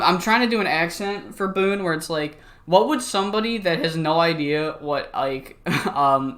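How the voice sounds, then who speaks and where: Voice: mid-range voice, fairly bright tone. A YouTuber casually commenting on a wrestling sim game, rambling, swearing and laughing at their own slip-ups.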